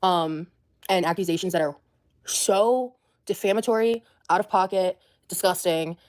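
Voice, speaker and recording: A woman talking hesitantly on her livestream, with many pauses and fillers. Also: on the low side. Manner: hesitant, full of ums. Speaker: streamer being watched. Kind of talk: casual livestream talk.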